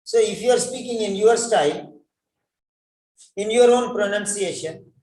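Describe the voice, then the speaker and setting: Guy teaching pronunciation, kinda high voice, says each word again and again, echoey room. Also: darkish tone. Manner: slow, repeats words to model pronunciation. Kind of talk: classroom lesson on pronunciation.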